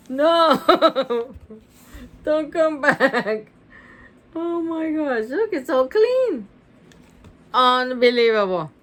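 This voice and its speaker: A woman reading a picture book aloud with animated, chatty asides, gasping and laughing as she goes. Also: high voice, extremely slow, long pauses. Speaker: reader.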